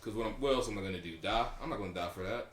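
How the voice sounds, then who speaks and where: A man's voice: on the low side, rapid-fire, reverberant, slight background noise. A young man co-hosting a podcast, chatting casually, swearing and joking with friends. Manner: laughing, swearing, jokey storytelling. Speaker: podcast co-host. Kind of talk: casual chat.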